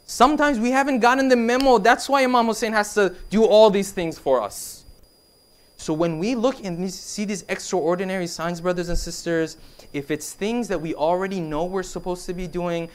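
A man's voice: high-pitched, normal speed. A male preacher delivers a sermon with emphatic, insistent phrasing. He repeats key points and swings his voice up and down for emphasis while addressing the congregation directly. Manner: emphatic, repetitive, rising and falling delivery.

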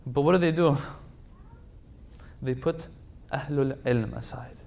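A man's voice: medium pitch, takes it slowly, gravelly, a little mellow, dull audio. A man giving a religious lecture to a congregation, emphatic, repeating phrases for stress and pleading directly with his listeners.

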